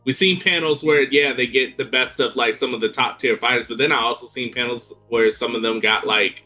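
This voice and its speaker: A man's voice: mid-range voice, steady tone, fairly quick, pushed and bright, faint music behind. A man co-hosting a podcast in casual chat, often hesitant and trailing off mid-thought. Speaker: podcast co-host.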